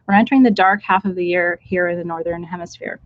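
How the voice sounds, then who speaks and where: A woman's voice: fairly low pitch, fairly even intonation, fast talker, no room sound, highs cut off. A woman leading a live ritual, talking in a candid, chatty and blunt way, with frank asides to her listeners. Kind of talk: casual live-stream talk. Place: indoors with a small group in the room.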